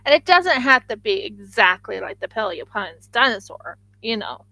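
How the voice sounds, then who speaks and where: A woman's voice: medium pitch, big pitch swings, normal speed, gravelly, bright, forceful tone, low-quality recording. A woman live-streaming her craft work, chatting casually and thinking aloud to viewers as she sculpts.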